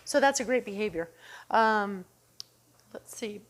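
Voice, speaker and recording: A woman dog trainer talks through a demonstration in a calm, encouraging way. She praises the dog softly and low, and now and then calls him in a high, excited voice. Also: unhurried.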